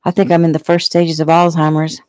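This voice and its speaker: A woman reading the part of a gentle, forgetful Irish woman friend in a storybook. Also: low voice, little pitch movement, fairly quick, no echo, close to an everyday voice.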